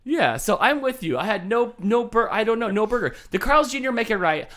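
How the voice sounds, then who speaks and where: A male game show host tells a rambling story in a lively voice that swings up and down. He talks casually, mocks himself and breaks into laughter along the way. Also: high voice, a little fast.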